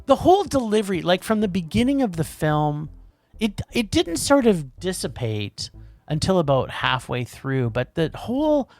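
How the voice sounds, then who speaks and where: Gravelly guy doing casual movie review chat, voice jumps all over, faint music under it. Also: sits high, no room sound. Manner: animated, quick, trips over words, restarts. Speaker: podcast co-host.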